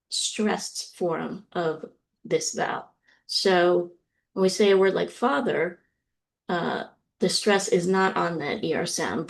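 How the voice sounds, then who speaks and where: A woman giving a recorded university lecture, explaining slowly and deliberately with frequent ums. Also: fairly low pitch, vocal fry.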